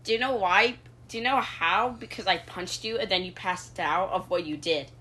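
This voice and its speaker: A woman's voice: fairly low pitch, normal speed, bright, forceful tone, slightly rough. A woman joining an improvised VR puppet comedy in a teasing, bossy way.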